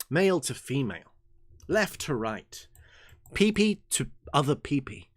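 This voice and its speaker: A young man hosting an occult reading group, reading passages aloud and rambling in jokey, animated tangents. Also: no room sound, studio quality. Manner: animated and jokey, swings from excited outbursts to low mumbles. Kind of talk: casual reading and commentary livestream.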